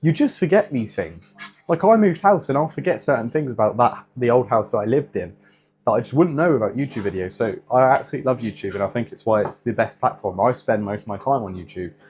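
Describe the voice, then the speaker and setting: A man's voice: mid-range voice, lively intonation, fast, darkish tone, husky. A young man in casual vlog chat, rambling with many fillers and swearing, a fitness vlogger.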